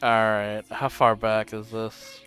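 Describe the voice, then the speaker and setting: A man streaming a game, casually recapping the story and quoting the characters in slangy, animated asides. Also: lowish voice, takes it slowly, smooth, soft background music.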